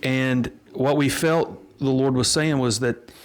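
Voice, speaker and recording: A middle-aged man, a pastor telling the story of his church in an unhurried, earnest way. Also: medium pitch, fairly even intonation. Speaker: pastor and interview guest. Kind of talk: storytelling in a casual interview.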